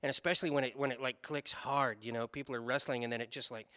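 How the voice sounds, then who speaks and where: A man preaching a sermon, telling a story in an animated way, switching between quick runs and slow, stressed words. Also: mid-range voice, no room sound, clean studio sound. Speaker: pastor.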